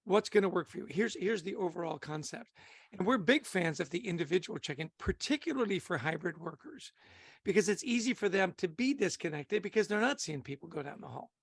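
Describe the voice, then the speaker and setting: Upbeat male trainer, raised gravelly voice, restarts his sentences, leads the group. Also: high voice, animated, fairly quick, no room sound. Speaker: leadership trainer. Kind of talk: facilitating a training call.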